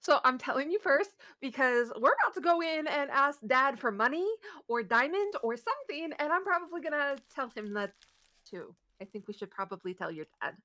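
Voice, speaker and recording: A woman with a fairly high voice rambles through a tabletop role-playing session, slipping between her character and table talk. She giggles often and piles up fillers and restarts as she thinks aloud. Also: big pitch swings, brisk, bright, forceful tone. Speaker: player.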